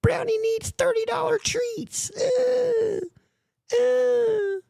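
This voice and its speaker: A man's voice: little pitch movement, drawn-out words, creaky, dark tone, no room sound, heavily acted. A man mimicking a grown man as a crying, whining toddler throwing a tantrum. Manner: shrill shrieking whine.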